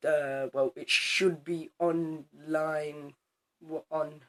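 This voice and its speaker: A teenage boy telling a story to camera in a casual vlog, animated and swearing, acting out both sides of an argument. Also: fairly high pitch, drawn-out words. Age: teens. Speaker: student vlogger.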